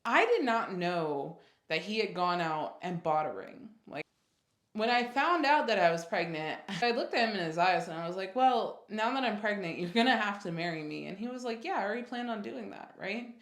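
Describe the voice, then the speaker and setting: Young woman vlogger, casual animated storyteller, mid-range voice, echoey room. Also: medium pitch, normal speed. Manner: animated retelling, acts out quotes, many fillers. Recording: roomy echo.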